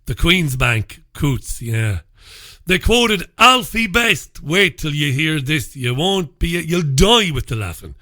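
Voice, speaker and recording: Talk show host, male, sarcastic newspaper commentary, bright voice, dry close sound. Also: on the high side, big pitch swings, slow pace, dry recording. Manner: sarcastic and mocking, laughs at his own stories; blunt and profane. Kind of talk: solo commentary reviewing newspapers.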